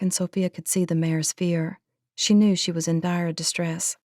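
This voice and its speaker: A woman narrating an audiobook in a measured, earnest storytelling manner. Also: lowish voice, little pitch movement, darkish tone, dry recording, studio quality.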